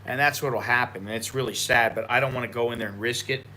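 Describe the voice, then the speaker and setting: A man's voice: mid-range voice, fairly even intonation, fast, bright, forceful tone, a little hiss or hum. An American man chatting loosely on a live stream while drinking tequila, swearing and rambling with many restarts. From United States. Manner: profane, rambling, frequent restarts.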